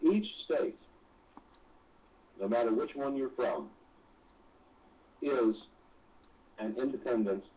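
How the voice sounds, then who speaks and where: A man who is a guest on a talk radio show, explaining slowly and deliberately with pauses. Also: mid-range voice. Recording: distant, dull phone-in sound.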